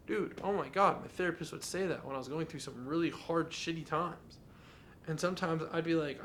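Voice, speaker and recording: A man's voice: on the high side, fairly quick, fairly bright tone, a little hiss or hum. A young adult man hosting a podcast, talking in an earnest, candid and confessional way in a casual monologue. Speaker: podcast host.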